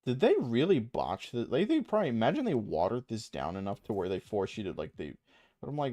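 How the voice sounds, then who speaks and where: A man's voice: medium pitch, huge pitch swings, normal speed, warm tone, no echo. A young adult man streaming a video game, rambling and self-mocking with a lot of swearing and frequent laughs. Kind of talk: casual gaming stream commentary.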